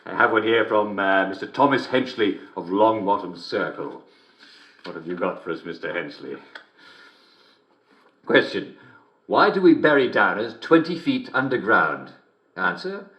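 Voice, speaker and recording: A middle-aged English television host in a video game, jolly on the surface and cruel underneath. He giggles between jokes, and his bright voice swoops up and down as he lingers unhurriedly over each line. The sound carries a roomy echo. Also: fairly low pitch, big pitch swings, measured pace, long pauses, heavily acted. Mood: jovial, mocking. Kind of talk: video game character performance.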